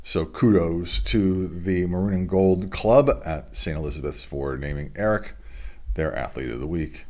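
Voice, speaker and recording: A man with a low, deep voice runs through local sports announcements from his home studio. He reads names and results in a relaxed, casual way and drops in chatty asides between items. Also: a little slow. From United States. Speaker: sports news host.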